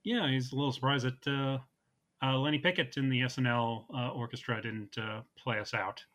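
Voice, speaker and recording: A man co-hosting a casual podcast chat, relaxed, reading out listener comments. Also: medium pitch, normal speed. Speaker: podcast co-host.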